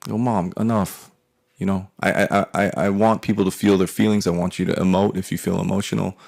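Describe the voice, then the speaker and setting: A man's voice: low-pitched, little pitch movement, fast talker, vocal fry, darkish tone. A man in his forties telling a personal story in a profane, rambling, wry way. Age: 40s. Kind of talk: casual storytelling monologue.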